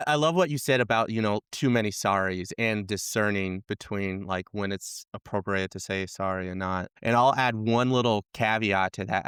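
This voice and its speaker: A man hosts a podcast, talking things through out loud in a relaxed, reflective way. His voice is low and smooth. The close mic gives a dry sound with no echo. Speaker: podcast host. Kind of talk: casual conversation.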